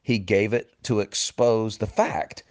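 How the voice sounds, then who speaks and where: Earnest low-voiced male preacher, dry sound. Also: fairly even intonation, takes it slowly, no echo. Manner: earnest, often drops low and quiet for emphasis, addresses listener as friend. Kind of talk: sermon.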